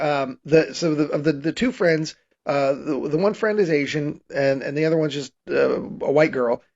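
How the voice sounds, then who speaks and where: Podcast host, male, slightly raised voice, rambling casual recap, muffled lo-fi sound. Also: a little high. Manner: rambling recap with frequent restarts and laughs. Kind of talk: casual movie recap chat.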